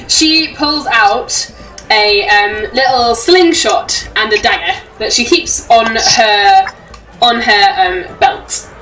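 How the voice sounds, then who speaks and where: A woman narrating as game master, giggling often and filling pauses with ums. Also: expressive, a bit bright, far from the mic, faint music behind, rough recording. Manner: giggly, lots of ums, puts on shrill crowd voices.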